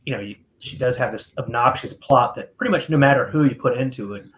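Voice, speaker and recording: A man's voice: mid-range voice, quick pace, fairly bright tone, slight background noise. A man co-hosting a podcast, blunt and sarcastic, swearing casually. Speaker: podcast co-host. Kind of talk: casual group discussion.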